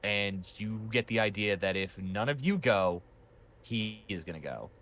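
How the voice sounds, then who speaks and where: A man with a lowish, fairly bright voice runs a tabletop game as game master, narrating loosely and unhurriedly with lots of fillers. There's slight background noise.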